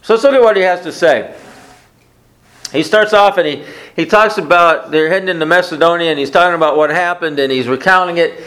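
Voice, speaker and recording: A man's voice: on the high side, fairly quick, fairly bright tone. Conversational man preaching a sermon. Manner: conversational, asks the congregation questions. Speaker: pastor.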